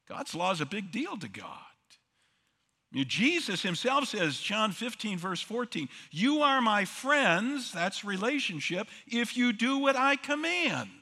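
A pastor delivering a sermon in a slightly high, sharp, forceful voice. He presses his points with rhetorical questions and repeated words. A long reverb trails each phrase, as in a large church hall. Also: slightly rough.

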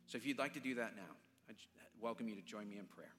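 In a fast, fairly low voice, a man preaching as a pastor pleads earnestly and repeats phrases as he moves through a sermon and altar-call prayer in church. Soft music plays behind him, and the sound carries a long reverb.

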